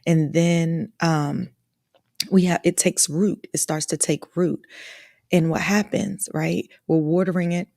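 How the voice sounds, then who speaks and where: A low-voiced woman with a gravelly edge hosts a motivational live talk. She speaks in an encouraging, emotional way and keeps checking in with her listeners. The recording is dry and close. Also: fairly even intonation, takes it slowly, no room sound. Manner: warm, encouraging, emotional, often asking "right?". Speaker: host of a live online talk. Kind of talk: motivational live-stream talk, reading out chat comments.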